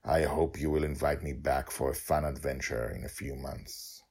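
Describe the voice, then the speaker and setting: A man voicing a deep, gravelly, ashamed old dragon. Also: flat delivery, normal speed, heavily acted. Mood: remorseful. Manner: soft, remorseful, subdued. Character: ashamed ancient male red dragon. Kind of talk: audio story reading.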